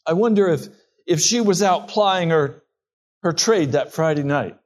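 A pastor preaching a sermon, reading scripture and retelling it in a slow, earnest storytelling way. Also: male voice, fairly high pitch, lively intonation.

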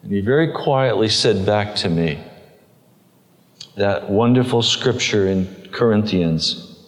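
A man slowly telling a personal faith story in an earnest way, his voice rising as the emotion builds. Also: on the low side, expressive. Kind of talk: personal testimony. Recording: long hall reverb.

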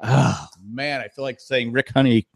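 A man's voice: mid-range voice, steady tone, moderate pace, vocal fry, no room sound, studio quality. A man hosting a podcast in casual, joking chat, thanking listeners and steering the talk. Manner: joking, thanks patrons and wraps up the show. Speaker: podcast host.

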